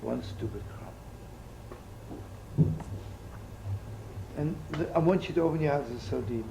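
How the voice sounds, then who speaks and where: An older man, a rabbi, teaching in an animated, chatty sermon full of stories and jokes, using Yiddish and Hebrew terms. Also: fairly high pitch, measured pace, vocal fry, a little hiss or hum, low-quality recording.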